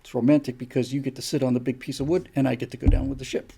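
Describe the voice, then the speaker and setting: A man's voice: mid-range voice, flat delivery, very fast, vocal fry, dark tone, a little hiss or hum. An older man hosting a show, delivering an opinion monologue with emphatic, repeated rhetorical questions. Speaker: show host.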